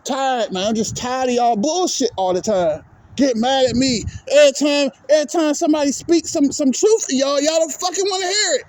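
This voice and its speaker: Guy with a really high voice going off on a profane sports rant, sick of it all. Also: fairly quick, no room sound. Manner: profane, exasperated, repetitive ranting. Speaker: vlogger.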